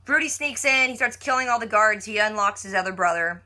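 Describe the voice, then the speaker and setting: A woman's voice: mid-range voice, animated, fairly quick, pushed and bright. A woman giving a casual, chatty recap of a TV episode, full of "like" and playful mock quotes of the characters. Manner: chatty, heavy use of "like".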